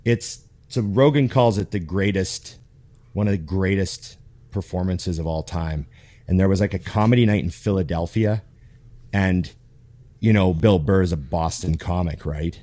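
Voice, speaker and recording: A man's voice: low voice, moderate pace, no room sound. A man hosting a casual podcast, telling stories with lots of swearing and animation. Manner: animated storyteller, swears freely. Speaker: podcast host.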